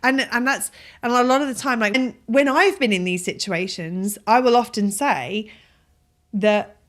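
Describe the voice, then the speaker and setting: A woman's voice: on the high side, moderate pace, fairly bright tone. A woman co-hosting a podcast, reflecting and explaining her thoughts at length in casual conversation. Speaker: podcast co-host. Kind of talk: casual chat.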